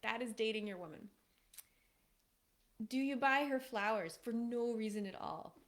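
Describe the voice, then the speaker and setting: A woman speaks as a relationship coach to a live audience. Her delivery is casual and animated, with frequent laughs. Now and then she acts out quoted lines in playful voices. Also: fairly high pitch, measured pace.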